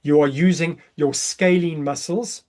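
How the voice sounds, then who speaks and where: Leading a breathwork session by video call, a male coach explains the exercises and then counts through the breathing. During the counts his calm voice goes soft and low, and he takes them slowly.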